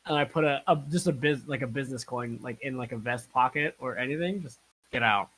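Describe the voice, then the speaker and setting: A man playing in a tabletop game, describing his moves in an animated, laughing, profane way. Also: medium pitch, fast talker, a little hiss or hum, low-quality recording. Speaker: player. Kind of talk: casual tabletop play.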